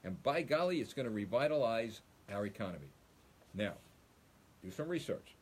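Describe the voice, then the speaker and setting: Speaking at normal speed in an expressive, darkish, slightly rough mid-range voice, this middle-aged host delivers political commentary on a live stream. He presses his points hard, repeats them, and addresses the audience as folks.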